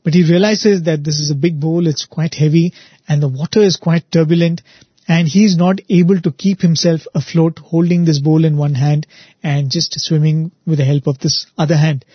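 A man gives an earnest devotional talk and repeats words for emphasis. His voice is fairly high with a husky edge. The recording is dry and slightly muffled. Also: steady tone, normal speed, no echo. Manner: earnest, repetitive emphasis, frequent "right?". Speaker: spiritual speaker, show host.

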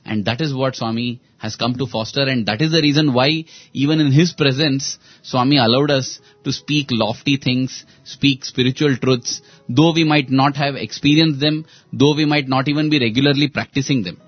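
A man's voice: medium pitch, fairly even intonation, normal speed, dry recording, lo-fi sound, faint music behind. A man, earnestly retelling spiritual parables in a storytelling talk. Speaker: speaker on a spiritual talk show.

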